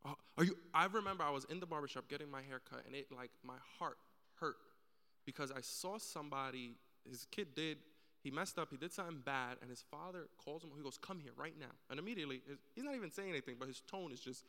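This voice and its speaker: A man's voice: fairly high pitch, expressive, quick pace, sharp tone, long reverb tail. A man speaking earnestly on a church panel, telling stories and acting out the people in them. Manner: earnest storytelling, acts out quoted voices.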